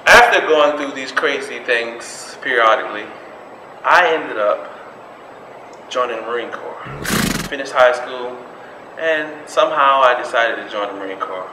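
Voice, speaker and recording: A young man tells a personal story at mid pitch, animated and acting out the people he quotes. His voice carries in an echoey meeting room. Steady noise sits under it. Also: measured pace. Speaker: public speaking club member. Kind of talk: first personal speech, storytelling.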